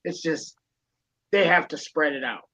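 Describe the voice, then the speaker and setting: A man's voice: a little high, unhurried, bright, forceful tone, poor audio. A man co-hosting a wrestling podcast, talking casually and rambling with lots of fillers. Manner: rambling, lots of fillers and "you know what I mean". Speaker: podcast co-host.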